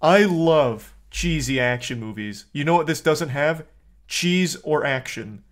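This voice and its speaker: A man's voice: on the high side, lively intonation, measured pace. A man streaming live, bluntly and profanely ranting about a movie to his chat in casual talk.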